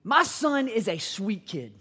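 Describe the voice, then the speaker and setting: Pastor guy preaching, highish voice, swoops up and down a lot. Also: a little slow, slightly rough. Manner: animated, emphatic preaching with acted-out quotes. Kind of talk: sermon.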